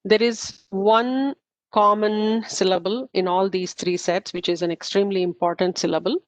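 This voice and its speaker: A woman leads a study group in an informal lecture, explaining things step by step with frequent fillers and self-corrections. Her mid-range voice has a steady tone and moderate pace, with no room sound on a slightly muffled, dull recording.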